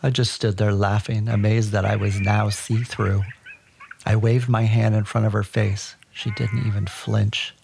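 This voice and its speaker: Male podcast storyteller, deadpan and wry, low voice with gravelly fry. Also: measured pace, noisy background. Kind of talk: personal story narration.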